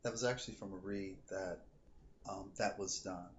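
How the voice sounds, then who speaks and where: A man's voice: sits low, normal speed, slight background noise. Man telling a story on a lo-fi podcast. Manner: animated storytelling, acts out quoted dialogue. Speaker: psychic reader, podcast co-host. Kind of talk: casual chat, storytelling.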